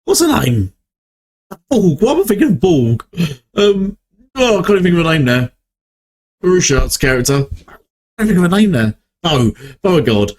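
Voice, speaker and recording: A man's voice: on the high side, sing-song, normal speed, long pauses, darkish tone. Rambling man musing aloud. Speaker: reaction video host. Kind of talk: casual reaction commentary.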